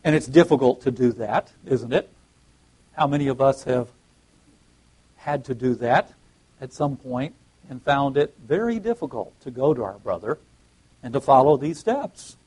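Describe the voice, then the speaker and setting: A man's voice: mid-range voice, animated, normal speed, long pauses, a little mellow, slightly rough, low-quality recording. A man preaching a sermon and reading scripture aloud, often restarting his phrases and rising emphatically on key words.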